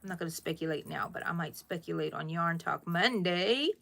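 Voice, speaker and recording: A middle-aged woman hosts a casual crochet livestream, chatting with viewers, answering their comments, and often calling them "people." Her voice is on the low side, a bit bright, with vocal fry and a brisk delivery.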